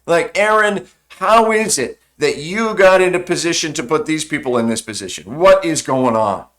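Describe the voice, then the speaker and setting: A man's voice: fairly high pitch, lively intonation, normal speed, fairly bright tone, pitched above the performer's own voice. A man doing an exasperated, scolding leader. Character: angry stern leader scolding his brother.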